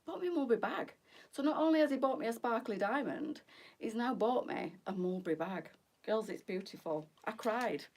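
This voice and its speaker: Bubbly woman, lively voice. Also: on the high side, brisk, far from the mic. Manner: bubbly, gossipy, laughs often. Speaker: boutique owner hosting a live try-on. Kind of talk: chatty live-stream fashion talk.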